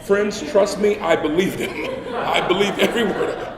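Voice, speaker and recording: A man's voice: high-pitched, normal speed, recorded from a distance, a crowd in the background. A man giving a humorous storytelling sermon as a guest speaker. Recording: echoey hall with faint ambience.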